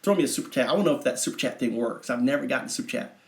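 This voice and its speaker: A man telling a mythic story on a livestream, meandering and halting with many asides. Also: medium pitch, animated. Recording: echoey room.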